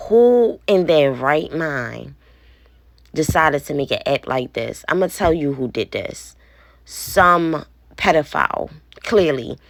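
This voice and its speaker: A woman in her thirties talks to the camera as a worried mother, blunt and indignant, with an occasional curse. Her voice sits low and her pace is unhurried. The sound is dry and close, with almost no room around it. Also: no room sound. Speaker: parent vlogger. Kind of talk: casual vlog, showing a phone.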